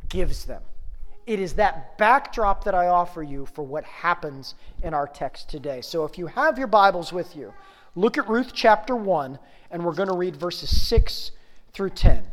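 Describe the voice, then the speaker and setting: Male pastor, 30s, story-driven sermon, swings loud to hushed, long church reverb. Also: high voice. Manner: animated storytelling, rising to loud bursts and dropping to soft prayer. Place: church sanctuary.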